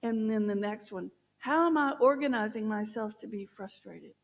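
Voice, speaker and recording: A woman minister giving a sermon, gently encouraging and asking her listeners questions. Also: mid-range voice, normal speed, creaky, in a large hall, poor audio. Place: church sanctuary.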